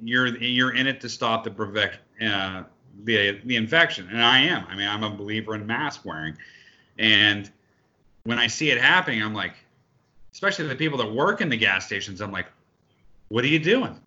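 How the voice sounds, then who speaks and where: A man's voice: on the low side, moderate pace, sharp tone. A man co-hosting a podcast in casual chat, ranting heatedly and swearing often. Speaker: podcast co-host. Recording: dull lo-fi sound.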